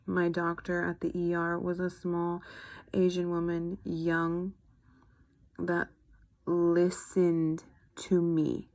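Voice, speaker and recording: Frustrated young woman, gravelly. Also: on the low side, no echo. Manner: earnest, frustrated, speaking from personal experience. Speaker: vlogger. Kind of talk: personal video update.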